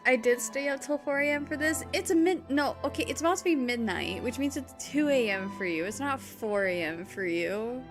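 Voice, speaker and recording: A woman's voice: sits high, animated, normal speed, few pauses, over music. A woman game streamer talking to her chat in a casual, gushing and emotional way.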